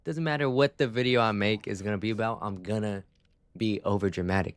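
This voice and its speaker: A young man streaming a game live, chatting in a casual, animated way with lots of slang as he rants. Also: fairly low pitch, brisk, dry recording. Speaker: gaming streamer. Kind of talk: live gameplay commentary.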